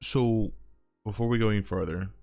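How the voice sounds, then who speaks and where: Laid-back low-voiced male host. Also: normal speed, creaky, darkish tone, faint music behind. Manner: loose, swears casually, heavy filler words. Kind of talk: casual interview chat.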